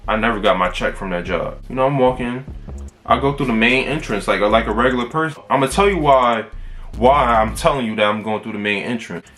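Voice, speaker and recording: A man's voice: mid-range voice, a little fast, a bit bright, soft background music. A young man in his late teens telling a casual, profane storytime vlog about his own life. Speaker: vlogger.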